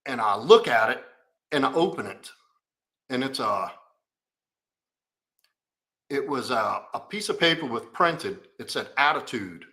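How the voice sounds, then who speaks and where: A man's voice: medium pitch, expressive, measured pace, long pauses, sharp tone. A man, a coach telling a candid, profane, rambling personal story in a live Q&A.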